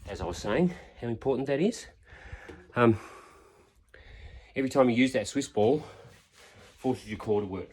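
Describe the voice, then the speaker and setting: A fitness vlogger in his fifties talks casually during a leg workout in his indoor home workout space, cheering viewers on and counting reps as he strains. His mid-range, slightly mellow voice has lively intonation and normal speed, with long pauses.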